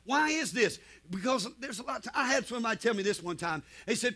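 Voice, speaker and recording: High bright Southern preacher. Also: male voice, expressive, fast talker. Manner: preaching with frequent amens, storytelling. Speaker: pastor. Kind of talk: sermon.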